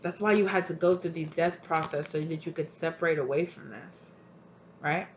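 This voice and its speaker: A woman's voice: deep voice, normal speed, slight background noise. A tired woman giving a casual, chatty tarot reading, often checking in with "right?". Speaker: tarot reader.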